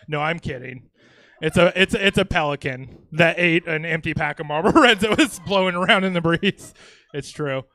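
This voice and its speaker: A man's voice: a little high, normal speed, pushed and bright, no room sound. A man from Louisiana doing a stand-up comedy set on a comedy theater stage, talking casually with swearing and chuckling asides.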